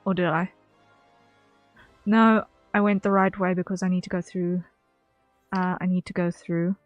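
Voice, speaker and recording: A woman's voice: on the low side, flat delivery, unhurried, no room sound, highs cut off, soft background music. A young woman streaming from home at her desk mic, chatting casually while playing, rambling and correcting herself. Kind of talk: casual gameplay commentary.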